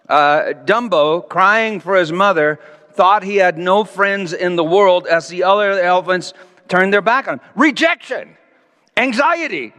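High-voiced man in his sixties, echoing hall. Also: bright, forceful tone. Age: 60s. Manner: self-mocking, swings from low murmur to raised exclamations. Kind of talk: storytelling sermon. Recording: long hall reverb.

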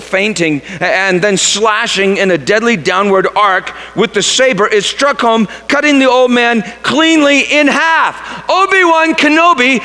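High, lively man preaching in an echoing hall. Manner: animated, dramatic reading aloud, stumbles and repeats words. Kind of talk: storytelling sermon. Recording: long reverb of a large hall.

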